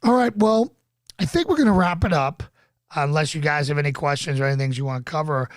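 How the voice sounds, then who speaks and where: A man's voice: on the high side, lively intonation, fast talker, no room sound, clean studio sound. A man hosting a casual live-stream chat, laid-back and rambling with lots of fillers. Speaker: podcast host.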